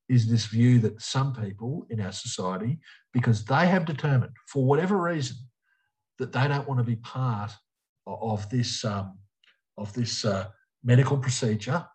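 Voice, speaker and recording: A man's voice: medium pitch, darkish tone, low-quality recording. An Australian man, a politician being interviewed, speaking emphatically and repeating short punchy phrases. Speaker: politician guest. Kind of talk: interview answers.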